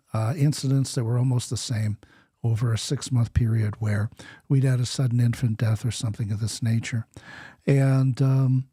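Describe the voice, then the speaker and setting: Husky, mellow middle-aged male host. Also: medium pitch, no room sound, clean studio sound. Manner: measured, hesitant, many uh fillers. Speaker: podcast host. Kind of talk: conversational interview.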